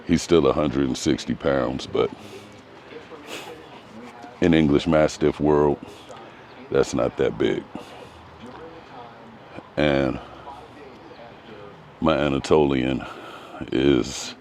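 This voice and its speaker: A man's voice: a bass voice, gravelly, a little mellow. A man giving a casual vlog walk-through of his home garden outdoors, talking in a hesitant, rambling way with frequent ums. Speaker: gardening vlogger.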